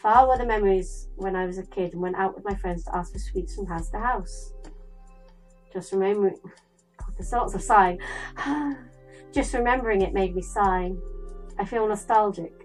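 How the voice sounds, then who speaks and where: A young woman playing a visual novel, reading its text aloud and breaking off into chatty, animated stories. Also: mid-range voice, moderate pace, faint music behind, rough recording. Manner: chatty, dramatic, animated storyteller. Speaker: gaming YouTuber.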